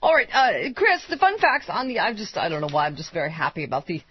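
A woman radio host bantering in quick, giggly bursts, her pitch swinging widely from high to low. The broadcast sound is slightly muffled, with faint music underneath. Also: wildly swooping pitch, slightly rough. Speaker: radio talk show host. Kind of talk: casual comedic radio chat.

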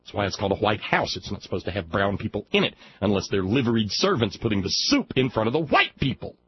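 A man's voice: fairly low pitch, very animated, fast, lo-fi sound, slight background noise. A man from Alabama hosting a talk radio show, reading a news story aloud and breaking off into mocking, sarcastic asides. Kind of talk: sardonic commentary on a news story.

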